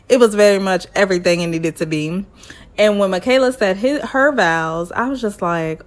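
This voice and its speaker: Talking at a moderate pace in a mid-range voice, a woman casually recaps a reality TV episode for her vlog, imitating the cast members' lines in different voices.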